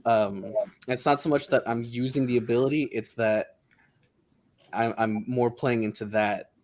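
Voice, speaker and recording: A man's voice: medium pitch, fairly even intonation, a little slow, a little mellow. A man playing a tabletop game, thinking aloud and hesitant as he describes his character's plan. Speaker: player.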